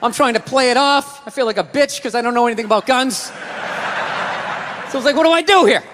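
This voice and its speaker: A male stand-up comedian ranting explosively through a set, shouting at times. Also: very high-pitched, moderate pace, long reverb tail.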